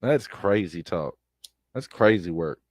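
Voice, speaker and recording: A man streaming blunt, profane commentary on online drama, repeating himself and breaking into loud outbursts. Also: deep voice, animated, a little slow, no echo, studio quality. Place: home streaming setup. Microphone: close streaming mic.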